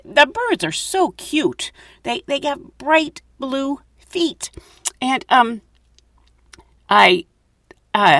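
Female podcast host, self-mocking storyteller, very animated pitch, dry closet recording. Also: dry recording. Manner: chatty, giggly, self-mocking. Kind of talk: casual storytelling monologue. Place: closet at home.

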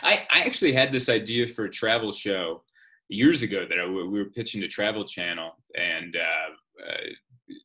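A man with a bright, forceful voice and a slightly low pitch, chatting casually as a guest. He tells wry, joking stories, with a comedian's timing. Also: moderate pace. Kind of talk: casual podcast chat.

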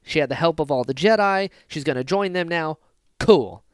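A man co-hosting a casual fan podcast, talking excitedly and acting out scenes with sudden loud bursts. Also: fairly high pitch, moderate pace, dry recording, studio quality. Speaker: podcast co-host.

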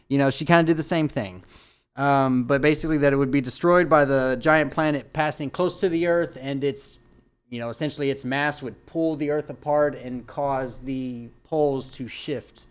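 Man, podcast co-host, casual chat, slightly higher voice, hesitant delivery. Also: normal speed, smooth. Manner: hesitant, lots of uhs and restarts while explaining.

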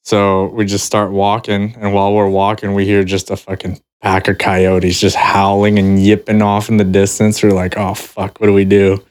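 A man's voice: fairly low pitch, monotone, normal speed, hardly any pauses. A man hosting a casual podcast chat, telling a story in a laid-back way.

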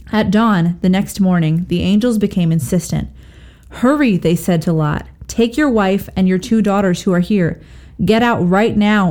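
Woman reading scripture in a mellow voice. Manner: steady, expressive reading, lifts pitch for quoted speech. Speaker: scripture reader. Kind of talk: Bible reading.

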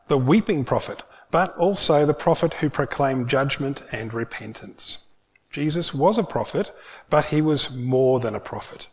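Male pastor, sermon delivery, slightly high pitch, earnest with emphatic drawn-out stresses. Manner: earnest preaching with emphatic, drawn-out key words.

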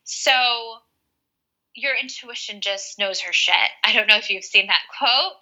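A woman's voice: a little high, measured pace, bright, forceful tone, dull audio. A woman guest talking earnestly and emotionally over a video call, swearing casually. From United States. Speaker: guest business coach. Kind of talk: casual interview chat.

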